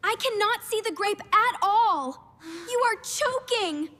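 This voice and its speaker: A woman voicing a sensible, bossy young girl in a slow cartoon story, scolding and urgent. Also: extremely high pitch, animated, bright, forceful tone, heavily acted. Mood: worried. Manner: scolding, then urgent and frantic. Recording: reverberant room.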